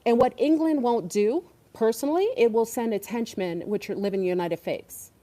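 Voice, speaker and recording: Woman host for a casual online talk stream; warm, darker voice, rambling and emphatic. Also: on the high side, moderate pace. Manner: rambling, emphatic, many fillers.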